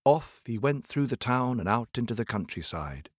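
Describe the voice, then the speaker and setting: A man telling a folk tale to children in a playful, expressive way, speaking straight to his listeners. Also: mid-range voice, moderate pace, no room sound, studio quality. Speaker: storyteller. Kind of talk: animated storytelling for children.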